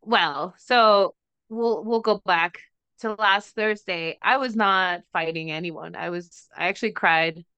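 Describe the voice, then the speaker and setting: A woman's voice: medium pitch, takes it slowly, pushed and bright, clear, resonant tone, no room sound, lo-fi sound. A young adult woman from Mexico with a faint Mexican accent, co-hosting a podcast in casual chat and telling profane stories with plenty of laughter; she says she is sick. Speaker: podcast co-host.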